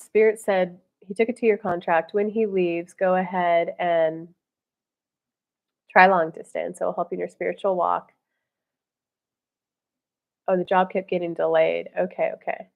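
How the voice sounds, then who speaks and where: A woman's voice: fairly low pitch, fairly even intonation, unhurried, gravelly, long pauses, narrow, tinny audio. A woman hosting a live stream, giving conversational psychic readings and responding to viewer comments. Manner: chatty, relays guidance in a conversational flow.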